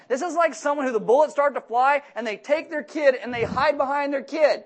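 A middle-aged man preaching a sermon with humorous asides, telling jokey stories and breaking into loud, emphatic outbursts. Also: very high-pitched, fairly quick, hardly any pauses. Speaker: pastor.

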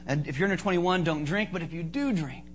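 A man preaching a sermon as pastor, joking and animated, acting out little asides for his congregation. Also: on the high side, fast, slight background noise.

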